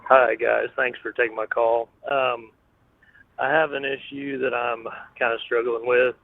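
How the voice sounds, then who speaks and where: A man's voice: medium pitch, little pitch movement, a little slow, gravelly. A man calling into a radio show, speaking hesitantly and searching for his words. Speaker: caller. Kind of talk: phone-in question. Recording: tinny phone line.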